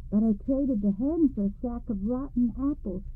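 A woman's voice: a little high, moderate pace, voice pushed up, close to an everyday voice. A woman doing a contented old farmer. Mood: easygoing. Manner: easygoing, unbothered. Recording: tinny lo-fi radio recording.

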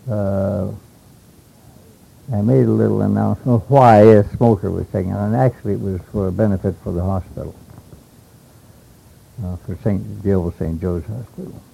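An older man from Alaska recalling old stories in a rambling, halting way, with many hesitations and chuckles, on a dull lo-fi tape. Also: on the low side, fairly even intonation, vocal fry, a little hiss or hum. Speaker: interviewee. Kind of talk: oral history reminiscence.

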